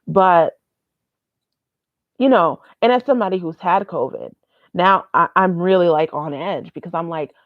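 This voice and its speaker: A woman's voice: lowish voice, unhurried, pauses often, no room sound, dull audio. A young woman vlogging casually, rambling and candid, swearing freely. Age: young adult. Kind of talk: casual vlog monologue.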